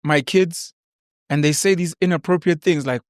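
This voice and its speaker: Animated man, podcast host. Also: fairly high pitch, normal speed, no room sound, clean studio sound. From South Africa. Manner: animated storyteller, acts out quoted voices. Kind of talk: casual podcast chat.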